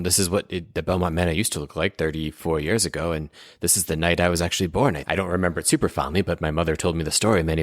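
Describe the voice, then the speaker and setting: An anxious young nobleman, voiced by a man, stammering and restarting in a low, dry voice. It comes from a tabletop role-play recorded with a close mic. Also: dry recording, lightly acted. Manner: stammering, nervous.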